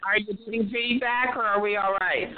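A man co-hosting live talk radio, upbeat and jokey as he makes quick announcements. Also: high-pitched, steady tone, slight background noise. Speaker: radio show co-host. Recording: phone-like call-in line.

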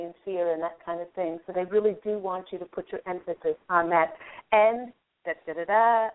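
A woman radio host giving a call-in angel card reading, gently guiding the caller through a visualization. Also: fairly low pitch. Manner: soothing, guiding, talks listener through a visualization. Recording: narrow phone-line sound.

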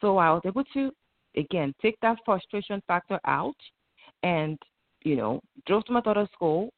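Gravelly-voiced woman on a tinny line. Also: mid-range voice, lively intonation, moderate pace, no room sound. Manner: reflective, quotes her own inner talk. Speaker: guest. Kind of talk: conversational interview.

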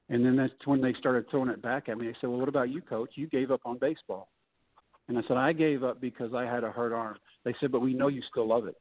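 A middle-aged man telling his story as a podcast guest in a folksy way, acting out the people he quotes. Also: mid-range voice. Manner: folksy, acts out quoted voices. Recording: tinny phone-like line.

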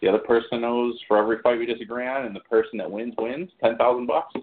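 A man co-hosting a casual sports talk show, excitable and rambling with fillers. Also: mid-range voice, quick pace, a little hiss or hum. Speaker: podcast co-host. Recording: phone-like internet radio audio.

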